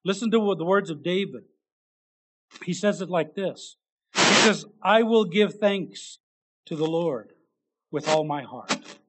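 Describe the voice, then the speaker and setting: High-voiced man preaching a sermon. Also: lively intonation, a bit bright, a little hiss or hum. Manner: earnest, halting with restarts, rising to emphatic bursts.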